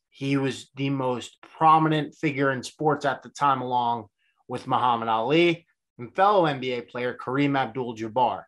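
A man's voice: mid-range voice, fairly bright tone. A man in his twenties hosting a solo sports podcast, talking in an earnest, reflective, conversational way. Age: 20s. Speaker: podcast host.

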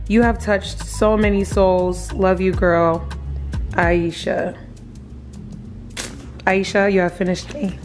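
Young woman vlogging, gushy and giggly, mid-pitched voice, a bit of music behind. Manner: excitable, gushing, laughs often. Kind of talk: casual vlog chat to camera.

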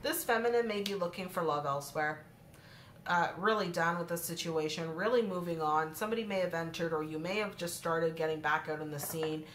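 A woman with a fairly low voice does a casual, chatty tarot reading, talking straight to her viewers. The room is echoey, and a steady noise of shuffled, clicking cards sits behind her voice. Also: a little fast. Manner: chatty, addresses viewers directly, breaks into laughter. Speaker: tarot card reader.

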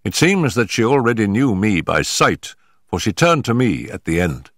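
An older man reading a story aloud in a measured, grave storytelling manner, recorded on a close studio mic. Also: lowish voice, big pitch swings, fairly bright tone, no room sound. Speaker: audiobook narrator. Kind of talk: scripted narration.

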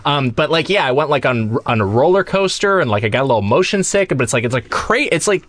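A man's voice: medium pitch, sing-song, quick pace, a bit bright, no room sound. A man co-hosting a casual podcast, musing in thoughtful, rambling asides. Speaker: podcast co-host. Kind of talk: casual chat.

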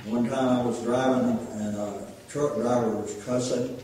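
A man's voice: medium pitch, steady tone, unhurried, warm tone, slight background noise. An older man gives an informal, folksy sermon full of plainspoken stories, as a lay preacher in a church. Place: church sanctuary. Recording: echoey church from far off.

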